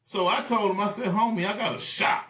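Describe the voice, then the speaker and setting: A man telling stories in a casual interview, animated and acting out the voices of people he quotes. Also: high voice, fairly quick, roomy sound. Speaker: guest.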